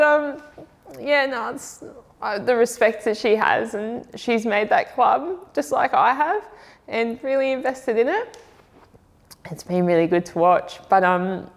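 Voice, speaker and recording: A woman's voice: mid-range voice, in a large hall. A woman with an Australian accent, an army veteran and footballer telling her story in a candid, plain-spoken, rambling way. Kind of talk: reflective personal testimony.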